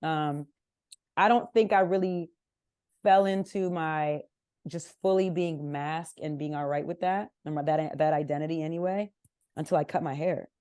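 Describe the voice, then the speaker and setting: A young woman from Southern California tells candid stories as a podcast guest, slipping into her family's voices. Her voice sits a little low, and it is recorded close and dry. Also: moderate pace, clear, resonant tone, dry recording. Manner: candid, animated, acts out family members' lines. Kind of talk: casual interview storytelling.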